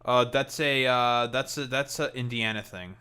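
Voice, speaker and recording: A man's voice: medium pitch, steady tone, moderate pace, sharp tone, clean tone. A man from Canada with a Canadian accent, streaming and chatting casually while he plays, rambling and swearing offhandedly. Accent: Canadian English. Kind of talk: casual chat while playing a game.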